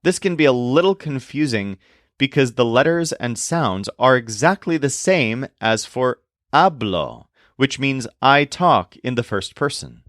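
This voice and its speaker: A man explaining verb forms in a scripted language lesson, speaking slowly and deliberately and spelling words out. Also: medium pitch, a bit bright, dry recording, clean studio sound. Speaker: language teacher.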